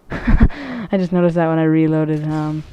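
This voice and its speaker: A woman with a low, mellow voice talks loosely over her gameplay footage. She rambles in a casual commentary style, swearing freely and filling gaps with ums, likes and restarts. The low pitch and soft, dark tone stay steady throughout. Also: slow, smooth, highs cut off. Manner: rambling, profane, many fillers and restarts.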